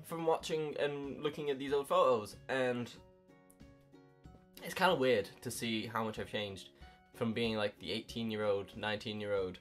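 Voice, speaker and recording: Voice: mid-range voice, normal speed, faint music behind. A young adult in their early twenties, chatting casually to camera in a rambling, self-mocking way with casual swearing. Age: early 20s. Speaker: YouTuber. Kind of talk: casual vlog chat.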